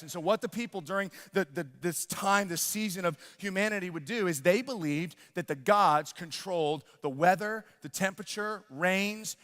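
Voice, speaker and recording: A man in his thirties preaching a sermon, telling a family story with lively acted-out voices and sudden loud exclamations. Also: high-pitched. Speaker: pastor. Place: church sanctuary. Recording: long reverb of a large church hall.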